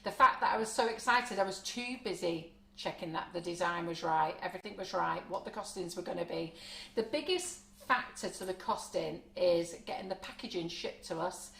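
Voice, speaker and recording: A woman's voice: lowish voice, gravelly, a bit bright, roomy sound. A woman hosting a live cake decorating demo, chatty and frank, laughing often. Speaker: baking show host. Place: home kitchen studio.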